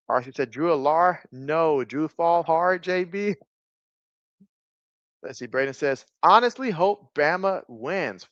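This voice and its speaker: A man doing casual live-stream play-by-play, reading viewer comments aloud, with bursts of excitement on big plays. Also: fairly high pitch, no room sound, dull audio.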